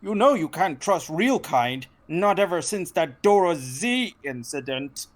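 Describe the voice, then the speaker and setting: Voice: mid-range voice, very animated, unhurried. A game master voicing a haughty, weary male cartoon figure made of bread. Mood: scornful. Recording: faint background noise.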